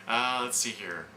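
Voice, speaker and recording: A man's voice: lowish voice, bright, forceful tone. Man reviewing comics in an echoey room. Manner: halting, with many fillers and restarts while summarizing. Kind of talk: casual review talk. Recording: echoey room with background noise.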